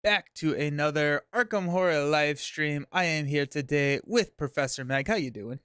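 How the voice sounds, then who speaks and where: An upbeat man hosts a card game live stream, his voice smooth and clean. The sound is close and dry. He chats quickly and laughs easily. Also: on the high side, fairly bright tone, dry recording. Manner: upbeat, laughs often, talks fast in bursts. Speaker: host. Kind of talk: casual chat about a card game stream.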